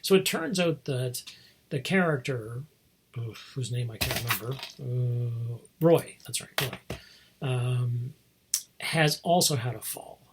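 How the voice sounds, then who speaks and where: A man's voice: mid-range voice, takes it slowly, background noise. A man hosting a podcast, talking casually and rambling through a film's story with many digressions. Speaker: podcast host. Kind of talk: casual film review.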